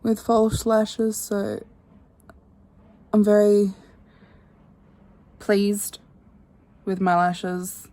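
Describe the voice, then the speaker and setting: A young woman in her twenties chatting to her phone camera, rambling and candid, often trailing off quietly. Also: medium pitch, fairly even intonation, extremely slow, long pauses. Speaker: vlogger. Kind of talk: casual chat to camera. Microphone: phone held at arm's length.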